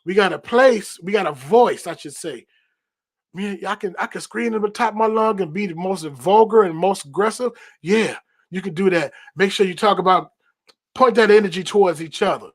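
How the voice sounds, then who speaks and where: A man hosting a podcast, talking in an emphatic, repetitive, preacherly cadence. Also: sits high. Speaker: podcast host. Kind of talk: preaching-style podcast monologue.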